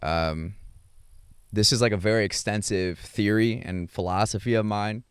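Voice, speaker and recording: A young adult man hosting a podcast, talking through his thoughts in a rambling, halting way with many fillers and restarts. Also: on the low side, fairly even intonation, smooth, dry recording, clean studio sound. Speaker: podcast host. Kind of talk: casual reflective monologue.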